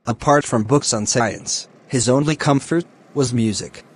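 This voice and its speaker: A man reading a scripted animated story in an even, plain way, voicing all the characters. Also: mid-range voice, measured pace, breathy edge. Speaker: narrator.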